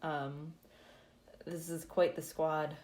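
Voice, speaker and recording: A woman with a slightly low voice talks through a story recap in a loose, chatty way. She laughs easily and fills her sentences with "like" and "um". It sounds like an easygoing conversation rather than a reading. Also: little pitch movement, slow pace, a little mellow. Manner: chatty, laughs often, says "like" a lot. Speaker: podcast host. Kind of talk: casual chapter recap.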